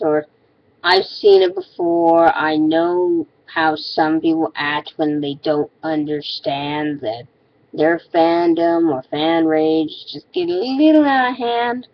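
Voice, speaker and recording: A woman's voice: fairly low pitch, dry recording, dull audio. A woman ranting in a casual vlog, exasperated and sarcastic, often stopping and restarting her sentences. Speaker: vlogger.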